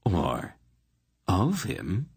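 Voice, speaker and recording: A man's voice: low voice, wildly swooping pitch, extremely slow, gravelly, a little mellow, slightly rough, heavily acted. A man voicing a sly male spy with a dry, wry way of speaking in an audiobook.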